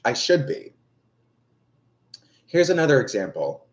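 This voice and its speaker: A young man in casual livestream talk, exasperated and ranting, with frequent swearing. His pitch leaps widely up and down as he vents, at a middling register for a man. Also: sing-song, a little slow. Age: young adult. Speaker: livestream tarot reader. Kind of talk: casual rambling chat.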